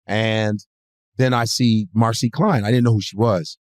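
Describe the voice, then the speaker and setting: A male comedian guest tells a story in casual chat, animatedly acting out other people's lines in shifting voices and swearing freely. His voice is lowish and measured, in a dry recording.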